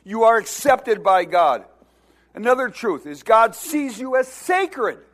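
High-voiced man preaching a sermon slowly. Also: sing-song. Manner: exhorting, has the congregation repeat phrases; preaching with rising emphasis, at times shouting. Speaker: pastor.

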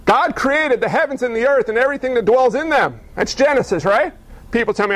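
A male pastor preaching a sermon, lively and full of rhetorical questions and wry asides. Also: very high voice, a little fast.

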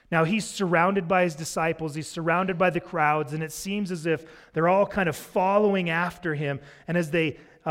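Male pastor, expository sermon, casual delivery, slightly higher pitch. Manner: conversational, expository preaching.

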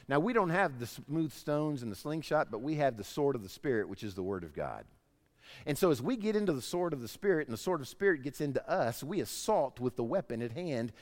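Animated preacher in a reverberant hall. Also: male voice, on the high side, brisk. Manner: animated storytelling, acts out voices in anecdotes. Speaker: pastor. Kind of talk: sermon.

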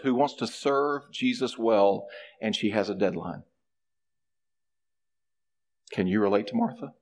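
A man preaching a sermon, animated, acting out a character's complaints in a raised voice. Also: mid-range voice. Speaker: pastor.

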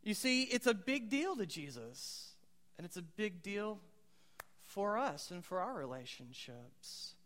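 A man with a notably high voice preaches a sermon in a relaxed, conversational way, asking his congregation questions and dropping quoted one-liners. His words ring out with a long reverb from a large church hall. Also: measured pace. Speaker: pastor.

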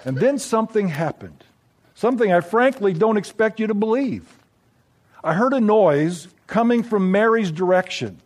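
A man narrating a scripted story in a reflective, measured, gently wry way. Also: high-pitched, expressive.

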